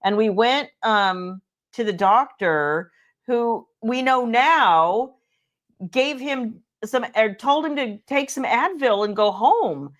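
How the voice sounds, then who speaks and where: A woman's voice: fairly high pitch, lively intonation, takes it slowly. A middle-aged woman from California hosting a casual livestream, chatty, telling stories with lots of fillers. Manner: chatty storyteller with many fillers and restarts.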